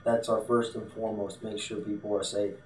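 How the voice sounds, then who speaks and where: A man's voice: on the low side, level tone, fairly quick, a little hiss or hum. A man vlogging to camera, telling a story in a blunt, casual way and swearing freely. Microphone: desktop USB mic. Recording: echoey room, distant from the mic.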